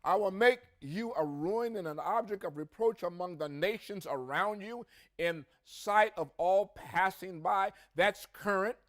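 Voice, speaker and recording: A man's voice: sits high, a little slow, a bit bright. A man co-hosting a religious podcast, reading scripture aloud with rising emphasis and adding his own comments. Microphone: podcast mic.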